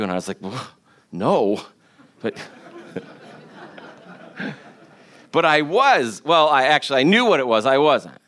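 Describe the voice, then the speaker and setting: A man's voice: medium pitch, lively intonation, moderate pace, a bit bright. A man preaching a sermon to a congregation. He talks in a conversational way, jokes with the listeners and repeats words for emphasis. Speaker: pastor.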